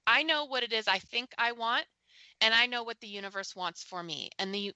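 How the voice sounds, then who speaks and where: A woman's voice: mid-range voice, sharp tone, no echo, rough recording. A woman co-hosting a reflective spiritual talk, speaking in an earnest and emphatic way.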